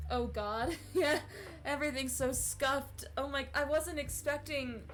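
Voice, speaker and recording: A woman's voice: high voice, slow pace, a bit bright. A young woman chatting casually on a live stream before reading fan fiction, giggly and full of fillers and restarts, on a cheap streaming mic. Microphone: cheap streaming mic on a laptop.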